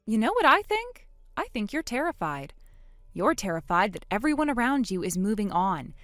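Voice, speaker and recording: A woman narrating a text message story as the wife, trading sharp, sarcastic comebacks. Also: a little high, sing-song, moderate pace, no room sound, clean studio sound.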